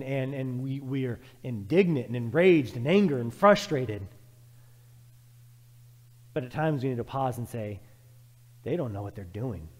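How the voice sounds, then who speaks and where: A man preaching a sermon as pastor, emphatic and repetitive, swinging from loud urging to quiet, reflective passages. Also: mid-range voice, in a large hall.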